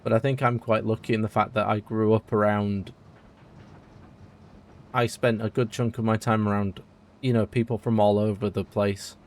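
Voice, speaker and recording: A man's voice: fairly low pitch, little pitch movement, moderate pace. Chatty British man streaming a game. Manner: rambling and chatty, answering viewers. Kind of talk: casual live-stream chat while playing.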